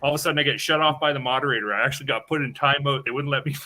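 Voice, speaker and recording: Man, bright forward voice, casual chat, swearing storyteller, acts out quotes. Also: medium pitch, fast. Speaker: show guest, hockey fan.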